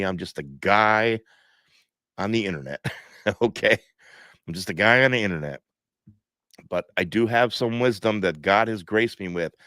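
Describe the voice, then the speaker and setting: Stuffed-up man with a deep dry voice. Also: fairly bright tone, no room sound. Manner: preachy, repeats himself, reads viewer comments aloud. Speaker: live stream host. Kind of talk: casual live-stream commentary.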